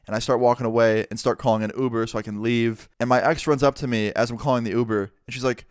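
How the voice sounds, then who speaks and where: Young man telling a casual story, clear voice. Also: mid-range voice, quick pace, few pauses, no room sound, studio quality. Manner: casual, profane, animated storytelling. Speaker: vlogger. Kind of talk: storytime narration.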